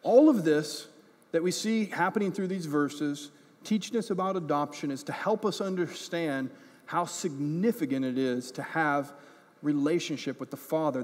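Earnest pastor guy preaching, kinda husky voice, big echoey church hall. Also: high voice, darkish tone. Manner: impassioned, repeats words when stressing a point. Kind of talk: sermon.

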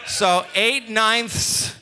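A man's voice: sits high, very slow, pushed and bright. A man hosting a live trivia night at a comedy club, teasing the players and laughing often. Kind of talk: live event banter.

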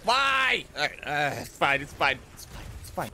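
A man streaming a video game, joking and swearing through casual gameplay commentary, breaking into sudden high-pitched outbursts. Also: very animated, normal speed, few pauses, bright, forceful tone, a little hiss or hum.

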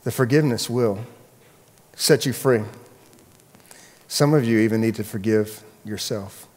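A man preaching a sermon earnestly, often repeating and restarting phrases and dropping to a soft voice on key points. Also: fairly low pitch, unhurried. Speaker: pastor. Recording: long echoey hall reverb.

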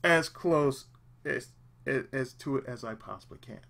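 A man's voice: medium pitch, moderate pace, creaky, fairly bright tone. Earnest man giving let's play advice. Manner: earnest, emphatic, repetitive. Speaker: let's play host, aspiring voice actor. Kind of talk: casual advice talk.

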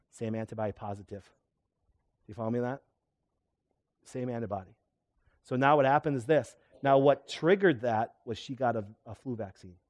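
A middle-aged man, a chiropractor, giving a lively seminar talk and quizzing his audience with questions. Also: mid-range voice. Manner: animated, asks the audience questions. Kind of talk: live seminar lecture to an audience.

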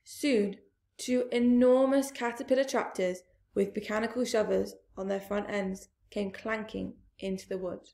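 Slow, expressive woman reading a storybook. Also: mid-range voice, vocal fry. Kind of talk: storybook read-aloud. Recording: roomy echoey room.

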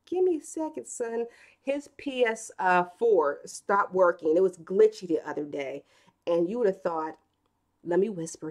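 A woman's voice: mid-range voice, animated, moderate pace, a little mellow. A woman in her thirties hosting a live stream in a casual, chatty way, reading comments and telling stories with acted quotes. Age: 30s.

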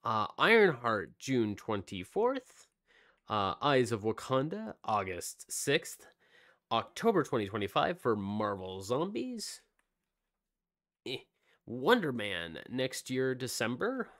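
A man co-hosting a casual podcast, reading off release dates and snack news. He rambles with plenty of "uh" and restarts, in an average-pitched voice. The talk stays loose and chatty. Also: sing-song, slow pace, a bit bright. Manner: rambling, reads out release dates with many fillers. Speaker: podcast co-host. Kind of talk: casual chat.

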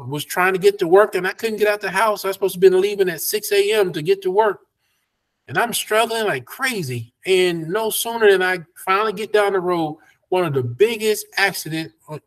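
A man, a pastor teaching a Bible study over a video call in a folksy, preacherly way. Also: sits high. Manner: preacherly, folksy, laughs between points.

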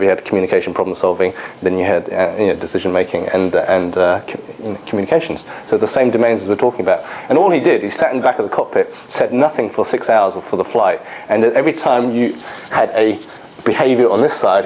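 A man from England speaks in a fairly low voice, telling anecdotes to illustrate a lecture. He stumbles through fillers and restarts as he goes. A faint hiss of background noise sits under the recording. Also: darkish tone, rough recording. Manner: storytelling with many fillers and restarts.

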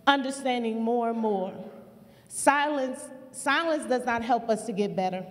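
A woman speaks to an audience with earnest, repeating emphasis, the way a community leader rallies a room. Her voice sits a little high and trails off into a long, echoing reverb from the hall. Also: a little mellow. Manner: earnest, repetitive, preacher-like emphasis. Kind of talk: impassioned public remarks. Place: museum auditorium.

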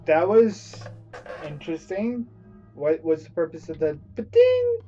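High, swinging male horror-game player. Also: huge pitch swings, takes it slowly, muffled recording, faint music behind. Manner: jumpy, loud yelps and frequent swearing. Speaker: gamer playing a horror game. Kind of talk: let's play commentary.

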